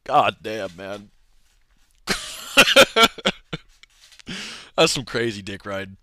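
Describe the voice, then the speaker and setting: Young guy streamer rambling, bright voice, dry close sound, tons of slang and filler. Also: on the low side, measured pace, no echo. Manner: loose and rambling, heavy on filler words and slang. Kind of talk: casual livestream rant.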